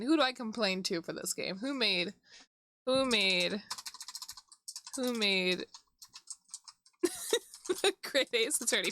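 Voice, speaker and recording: A woman streaming a video game, reading the dialogue aloud and reacting excitably, swearing often and laughing a lot. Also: fairly high pitch, slow, pauses often, slight background noise. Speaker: VTuber streamer. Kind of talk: gaming livestream commentary. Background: background music.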